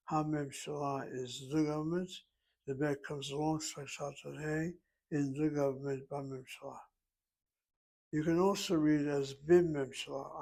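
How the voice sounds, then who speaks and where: A man leads a self-paced Hebrew lesson, reading a dialogue out loud before breaking down its grammar in a careful, step-by-step way. His voice sits a little high, with vocal fry and a darkish tone.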